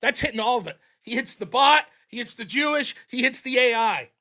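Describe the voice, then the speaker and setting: A man hosting a live stream, reading viewer donations aloud and answering them with sarcastic jokes, dropping lower and quieter when he reads their messages. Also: lively intonation, fairly quick. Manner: mocking, sarcastic humor. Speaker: livestream host reading super chats. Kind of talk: casual live-stream chat.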